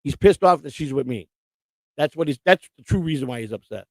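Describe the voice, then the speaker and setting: A man's voice: on the high side, animated, brisk, vocal fry, dry recording. A middle-aged man hosting a live stream, rambling and combative in casual chat. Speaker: livestream host.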